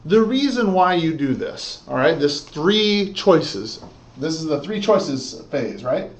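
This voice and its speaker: A man's voice: fairly high pitch, very animated, slow, a little hiss or hum. A man giving an emphatic sales training lesson, often checking in with "okay?" and "all right?". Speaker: real estate sales trainer. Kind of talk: instructional talk. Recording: dull lo-fi recording.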